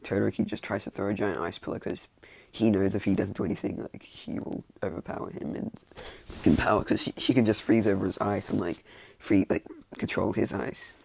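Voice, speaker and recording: A man's voice: lowish voice, gravelly, darkish tone, slightly rough, no room sound. A young man casually retelling a fan-made story, rambling and self-mocking, with lots of "like" and restarts.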